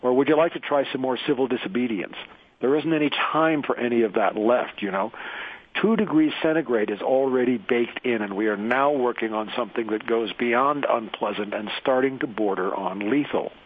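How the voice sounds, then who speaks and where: A man voicing a grim, wry male essayist in a mock Russian accent, raised above his own pitch, reading aloud. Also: normal speed, husky, narrow, tinny audio, close to an everyday voice. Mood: sardonic. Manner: reads aloud in a put-on accent.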